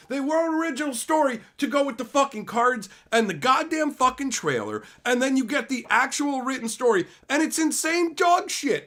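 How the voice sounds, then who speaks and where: A man hosting a livestream, ranting heatedly and profanely, swinging between loud outbursts and low mutters. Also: a little fast, few pauses. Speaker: channel host. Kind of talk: livestream rant.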